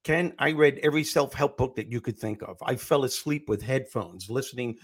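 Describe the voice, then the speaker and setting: A middle-aged man, a comedian and motivational speaker, telling animated stories as an interview guest. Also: mid-range voice, fairly quick, breathy edge. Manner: animated storyteller, acts out quotes. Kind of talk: storytelling interview answer.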